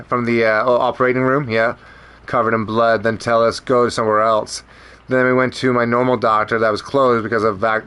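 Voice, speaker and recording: A man from Canada chatting through a game stream in an animated, loose way. He swears freely while he tells stories. He acts out the shouted parts instead of just reporting them. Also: medium pitch, clear, resonant tone. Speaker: streamer playing a video game. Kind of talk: casual gameplay chat and storytelling.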